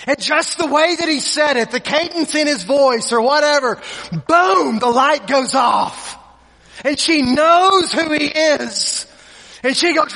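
A man delivers a sermon in a strikingly high, bright voice, slow and deliberate, stumbling over repeated words as he retells the story. The sound carries a long reverb, as if from a large hall. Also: lively intonation. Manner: repeats words, dramatic pauses, voices characters in quotes. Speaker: preacher.

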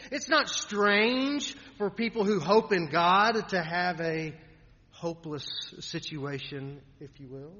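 A man preaching a sermon in an earnest way, often repeating words and trailing off softly at the ends of lines. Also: sits high. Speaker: pastor. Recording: dull sound in a reverberant hall.

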